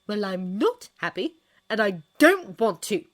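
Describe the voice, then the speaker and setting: A woman's voice: mid-range voice, sing-song, normal speed, voice pushed up. A woman reading a fanfiction story, voicing a fierce, defiant young woman who snaps back emphatically. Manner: sharp, snapping, emphatic.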